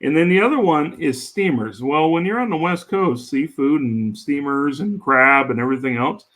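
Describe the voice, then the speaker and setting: A man who is a guest on a podcast, telling stories in a jokey, rambling, animated way. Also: a little high, normal speed. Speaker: podcast guest, home cook. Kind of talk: casual storytelling chat.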